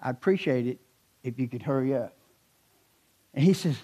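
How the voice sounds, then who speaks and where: An assistant pastor preaches a sermon in church, telling stories with animation and building up to emphatic questions. His voice is husky and fairly high, at a normal pace, with long pauses.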